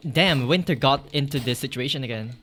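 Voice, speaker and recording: A man streams a video game live from a home setup with a desk mic, chatting casually with viewers and reacting aloud to what happens on screen. His voice is medium in pitch and a little fast, with game music in the background.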